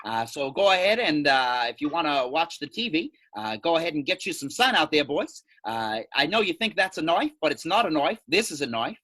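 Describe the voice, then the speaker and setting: A man playing a weatherman in a put-on Australian accent, hammy and halting. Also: a little high, very animated, bright, forceful tone, dry recording, exaggerated voice. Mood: playful.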